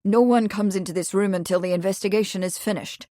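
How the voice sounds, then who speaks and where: A woman's voice: medium pitch, steady tone, fast talker, mellow, dry recording, studio quality, close to an everyday voice. A woman voicing a young male royal guard who speaks firmly and a little stiffly. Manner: firm, clipped, then awkward.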